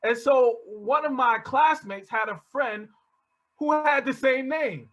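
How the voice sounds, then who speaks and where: Over a video call, a man gives teachers an animated storytelling lecture, restarting often and chuckling as he talks. His voice is extremely high-pitched and slow, and the recording is rough.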